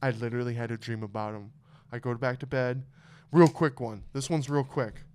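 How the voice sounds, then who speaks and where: A man's voice: mid-range voice, steady tone, a little fast, a little mellow, smooth. Emotional, swearing young man telling stories. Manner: emotional storytelling, heavy swearing. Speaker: podcast host. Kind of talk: casual podcast chat.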